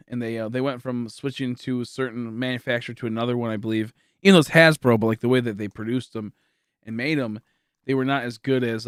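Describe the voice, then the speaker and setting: On his livestream, a tired young host from Michigan, USA, talks casually and rambles, restarting often and leaning on fillers. His voice is medium-pitched, and the sound is dry, studio-quality.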